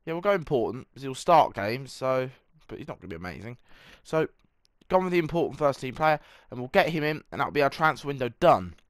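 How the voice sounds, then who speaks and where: A young gaming creator chats casually through a football management game, poking fun at himself and slipping into mock match commentary. His mid-range voice is very animated and brisk, recorded dry.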